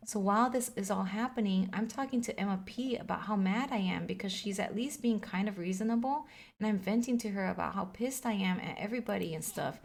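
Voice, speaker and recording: A woman's voice: mid-range voice, brisk, creaky. A woman reading the lines of an upset teenage girl from a video game, rambling, hurt and exasperated. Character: upset teenage girl venting about friends.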